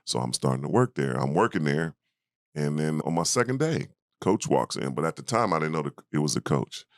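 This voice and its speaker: A man in his fifties with an extremely deep voice tells a story from his past in a relaxed interview. He acts out the other people in it with bursts of higher, livelier voices. The sound is dry and close. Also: fairly quick, no room sound. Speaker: guest, former basketball player.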